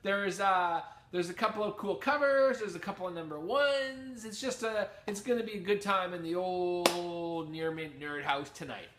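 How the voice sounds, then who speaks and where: A man's voice: high voice, moderate pace, hardly any pauses, a bit bright, slight background noise. A man with a Canadian accent, chatting casually and upbeat at home as he shows off his comic haul, wandering into rambling asides. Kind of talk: casual chat.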